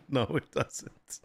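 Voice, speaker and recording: A live-stream host in casual chat, reading viewer requests aloud and often laughing while reacting to photos. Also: a little mellow.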